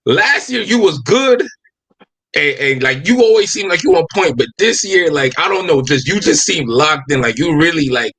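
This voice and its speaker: A man's voice: a little high, animated, normal speed, a bit bright, breathy edge. A man hosting an interview, asking rambling questions full of fillers. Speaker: interview host. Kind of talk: casual interview chat.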